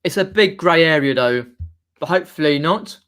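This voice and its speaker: Man, Mockney accent, live stream chat, rambling, fillers and restarts, slightly high voice. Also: expressive, normal speed, a bit bright, clear, resonant tone. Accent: Mockney, near London. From southern England, near London. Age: young adult. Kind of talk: casual live stream chat reading comments.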